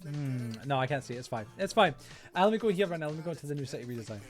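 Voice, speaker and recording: A man chats live with his viewers while building in a game. He talks fast in a high voice, restarting sentences and excitedly greeting and thanking people. Soft music plays faintly behind him. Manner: rambling with frequent restarts. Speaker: streamer. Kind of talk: casual live-stream chat while gaming.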